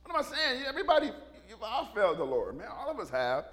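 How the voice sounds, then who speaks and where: A man's voice: very high-pitched, huge pitch swings, fast, fairly bright tone. A man in his fifties, a pastor giving a casual, storytelling sermon who acts out the voices of the people he talks about and laughs often. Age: 50s. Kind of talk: conversational sermon.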